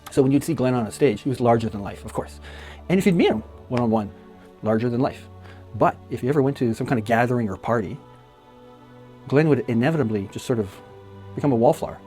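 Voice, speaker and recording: A man's voice: medium pitch, lively intonation, quick pace, pauses often, warm tone, faint music behind. A middle-aged man from Canada, a magician, telling fond and chatty stories about a late friend with frequent laughs. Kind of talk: casual spoken memorial tribute.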